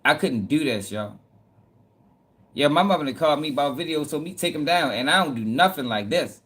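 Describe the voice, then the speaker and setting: A man's voice: fairly high pitch, animated, brisk, fairly bright tone, husky. A man hosting casual news commentary, talking bluntly in profane slang. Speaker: host.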